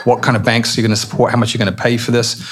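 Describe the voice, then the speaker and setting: Relaxed Englishman talking loosely. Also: mid-range voice, racing, a little hiss or hum. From England. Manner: relaxed, rambling with restarts and "you know". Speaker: podcast guest, company executive. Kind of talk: casual interview talk.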